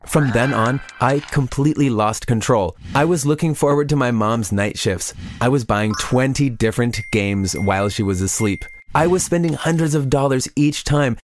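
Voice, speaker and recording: A man tells a confessional first-person story in scripted narration. His voice sits at an ordinary middle pitch, with a faint hiss under the recording.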